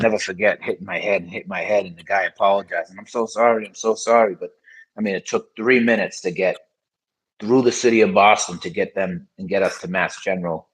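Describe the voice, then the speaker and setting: A man's voice: sits low, husky, rough recording. A man as a podcast guest, telling his story in frank, casual conversation with many fillers.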